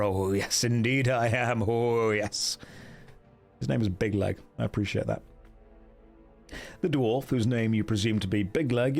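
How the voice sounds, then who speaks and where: A man from England with an English accent, reading a fantasy gamebook aloud on a livestream and breaking off into jokey asides. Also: medium pitch. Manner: jokey asides, laughing at himself. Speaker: streamer.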